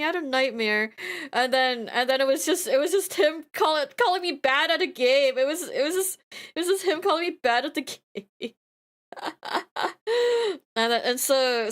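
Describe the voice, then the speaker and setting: A woman streaming casually, her voice high and bright. She rambles through animated stories, laughing often and circling back to the same phrases. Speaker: VTuber streamer.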